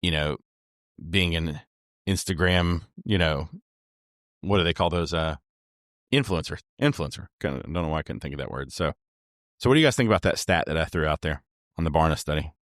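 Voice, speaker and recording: Deep-voiced man hosting a podcast. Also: a little fast, long pauses, fairly bright tone, no echo, clean studio sound. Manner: chatty, agreeable, lots of short affirmations. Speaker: podcast host. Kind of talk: casual podcast discussion.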